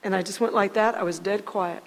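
A woman telling a personal faith testimony in a halting, earnest way, often repeating her words as she goes. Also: medium pitch, steady tone, in a large hall, poor audio. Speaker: guest sharing testimony.

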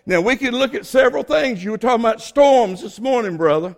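A Southern-accented man preaching with a notably high voice. His delivery is folksy and fervent. He drags out key phrases and lifts them to ringing peaks. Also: expressive, a little fast, gravelly. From Southern United States. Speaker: pastor. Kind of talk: sermon.

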